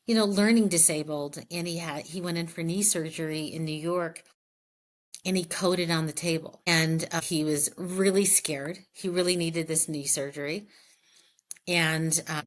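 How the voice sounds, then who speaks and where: A woman's voice: fairly low pitch, a bit bright. A middle-aged woman, a health plan president, speaking candidly in an interview and telling stories with quoted dialogue. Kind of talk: conversational interview storytelling.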